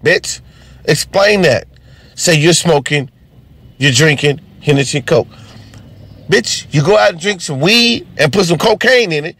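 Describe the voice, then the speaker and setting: A male stand-up comic rants, cursing freely. His pitch leaps around, he often shouts high, and the sound is dry and close. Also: measured pace, slightly rough, no echo. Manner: profane, animated, ranting. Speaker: stand-up comedian. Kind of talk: unscripted comedy rant.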